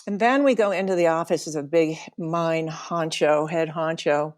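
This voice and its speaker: A woman's voice: low voice, measured pace, darkish tone. A middle-aged woman telling a personal travel story, emotional and laughing now and then as she recalls it. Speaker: podcast storyteller.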